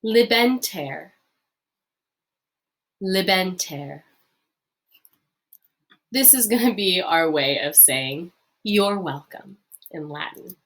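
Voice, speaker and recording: Animated woman teacher, slow repeats. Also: fairly low pitch. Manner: friendly, upbeat, lots of fillers, repeats phrases slowly. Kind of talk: recorded lesson.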